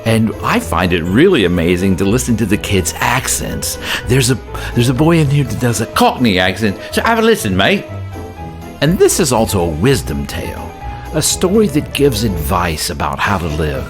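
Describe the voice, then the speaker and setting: A man hosting a children's story podcast, introducing the episode in a playful, animated way. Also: on the low side, normal speed. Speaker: podcast host. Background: music.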